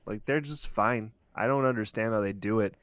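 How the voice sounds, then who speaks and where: A man's voice: lowish voice, brisk, a bit bright, no room sound. A man co-hosting a podcast, casually recapping a cartoon episode in a rambling, explaining way. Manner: rambling, restarts, detailed explainer. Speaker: podcast co-host.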